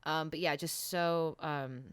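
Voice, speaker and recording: A woman's voice: sits low, steady tone, slow, smooth, no echo. A woman co-hosting a podcast, recapping a TV episode in a rambling, casual chat full of fillers and restarts. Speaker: podcast co-host. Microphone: desk mic.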